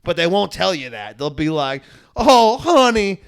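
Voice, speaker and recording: A fairly high-voiced man tells road-trip stories on a podcast. He swears constantly, talks in an animated rush and slips into mocking put-on voices. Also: moderate pace, creaky, smooth. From New York. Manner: profane, animated storytelling; puts on mocking voices in quotes. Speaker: podcast co-host. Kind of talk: casual chat.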